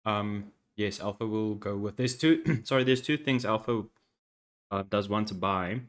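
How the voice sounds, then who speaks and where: A man's voice: on the low side, a little slow. A man playing in a tabletop game, speaking hesitantly with many fillers. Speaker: player. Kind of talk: casual tabletop play.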